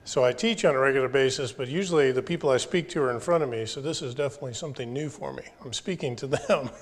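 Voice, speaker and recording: A man's voice: mid-range voice, fast talker, big-room sound. A man in his forties giving a commencement address in a folksy, earnest way, joking with the graduates. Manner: earnest, folksy, jokes with the audience. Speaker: graduation speaker. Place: school or church hall.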